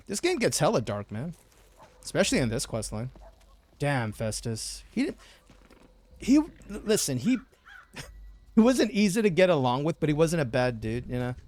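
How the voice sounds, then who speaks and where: A man's voice: medium pitch, sing-song, normal speed, long pauses, darkish tone. A young man streaming a video game, chatting casually and slangily with viewers, swearing and reacting to the game. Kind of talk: live gameplay commentary.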